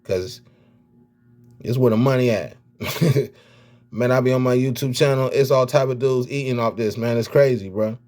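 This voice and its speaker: A man's voice: mid-range voice, moderate pace, pauses often. A man with a Miami accent, a rapper and vlogger, talking casually about football with lots of slang and repeated words. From United States. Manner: animated, slangy, repeats himself. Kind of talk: casual sports talk vlog.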